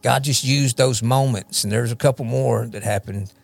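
A man's voice: medium pitch, fairly even intonation, normal speed, vocal fry, dry recording, faint music behind. A man shares his personal testimony as a podcast guest, rambling and repeating words as he talks. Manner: rambling, repeats words, often asks "you know what I mean?". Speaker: guest, recovery ministry leader.

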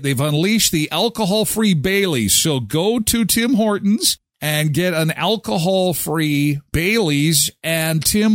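A man's voice: a little high, dry recording, studio quality. A man from Canada hosting a casual live morning show, chatting and reading sponsor spots. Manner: chatty and animated, jumps into quoted voices.

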